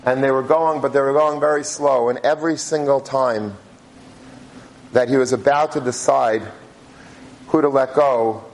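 A man giving a religious talk, telling a story in a halting way with many restarts. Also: mid-range voice, fairly even intonation, rough recording. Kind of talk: sermon storytelling.

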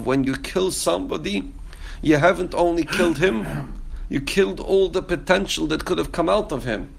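Male Torah teacher, gravelly voice, quotes and translates texts, presses with rhetorical questions. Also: fairly high pitch, lively intonation, moderate pace. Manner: quotes verses and commentary, then translates them; rhetorical questions, repeats phrases for emphasis. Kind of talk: Torah lesson on Genesis.

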